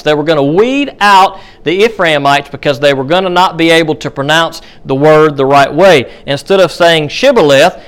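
A man's voice: sits high, a bit bright, smooth. A man teaching a Bible study class in a conversational way, with many fillers and restarts. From United States.

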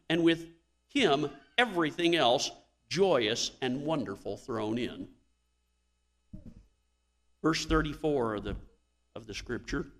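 A man's voice: high-pitched, a bit bright, long reverb tail. A male pastor preaching a sermon in a church, telling stories with emphatic swells of emphasis.

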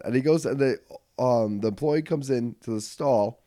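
A man spins a comic story on a podcast mic, his pitch sitting in the middle range for a man. He drops to mutters, then bursts into loud rants, swearing easily and laughing along the way. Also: moderate pace, dry recording, studio quality. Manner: animated, swings from mutters to yelling. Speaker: podcast host. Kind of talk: comedic storytelling. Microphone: podcast studio mic.

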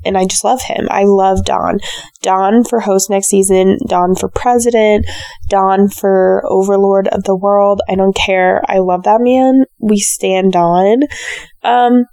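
A woman with a raspy, hoarse voice from a sore throat, giving a chatty, opinionated solo recap of a reality show. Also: medium pitch, steady tone, takes it slowly, dark tone, dry recording. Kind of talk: casual solo recap commentary.

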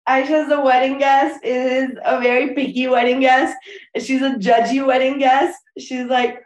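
A woman's voice: high-pitched, measured pace, roomy sound. A woman wedding planner chatting casually in an interview, with many fillers and restarts. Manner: relaxed, frequent fillers and restarts.

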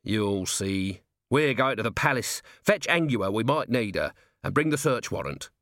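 A man's voice: lowish voice, expressive, moderate pace, fairly bright tone, no room sound. A man reading the part of a weary, sardonic police commander in an audiobook, dry and clipped. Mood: brisk. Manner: sardonic, wry.

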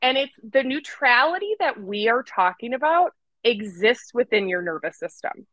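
A woman co-hosting a casual podcast, chatting with lots of energy and a playful streak of swearing. Her voice is bright and forward. It sounds close and dry, with no room around it. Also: on the high side, no room sound, rough recording. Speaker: podcast co-host.

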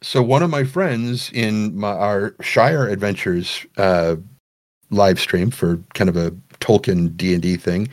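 A man who narrates audiobooks, talking animatedly as a guest in a casual podcast interview. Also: fairly low pitch. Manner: animated, chatty, self-correcting restarts.

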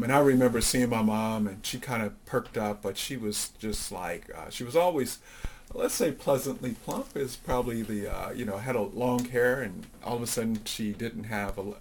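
A middle-aged man with a low voice recounts his life story as an interview guest. He talks reflectively, with plenty of fillers, and gives the people he quotes voices of their own. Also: a little mellow, a little hiss or hum.

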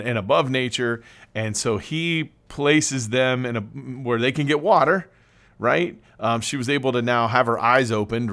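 Male pastor, conversational preacher, retells scripture casually and lively, mid-range voice. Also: medium pitch. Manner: conversational, animated, calls listeners "gang". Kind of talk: informal sermon retelling a Bible story.

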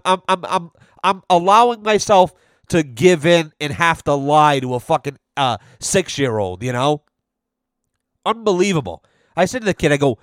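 A man's voice: a little high, no echo, studio quality. Profane ranting man. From Rhode Island. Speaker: podcast host. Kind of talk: casual monologue.

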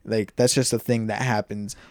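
A young man hosting a casual podcast, loud by his own account, laughing and restarting often. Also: mid-range voice, lively intonation, normal speed, dry recording, studio quality. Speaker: podcast host. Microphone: podcast mic.

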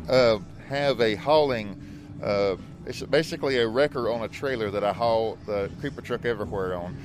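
A man being interviewed outdoors at a haunted attraction, his voice muffled as if he has something in his mouth. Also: medium pitch. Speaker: guest, movie vehicle owner.

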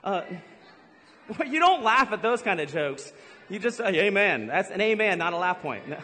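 A man with a bright, high voice preaches to a congregation in a big hall, his words trailing off into a long reverb. He talks in a playful, teasing way, cracking jokes and throwing in quick asides. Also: very animated. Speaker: pastor. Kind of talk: humorous sermon. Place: large church hall with a live congregation.

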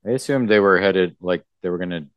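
A man co-hosting a casual comics podcast, talking in a halting way with many fillers and restarts. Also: low voice, clean tone, no echo, highs cut off. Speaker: podcast co-host. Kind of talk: casual chat.

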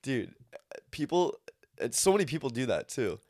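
A young man with a mid-pitched voice, chatting casually on a podcast, loose with slang and curse words. The sound is dry and close to the mic. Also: very animated, moderate pace, a little mellow, no echo. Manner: laid-back slang, frequent "bro", swearing. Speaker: podcast co-host. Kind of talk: casual chat.

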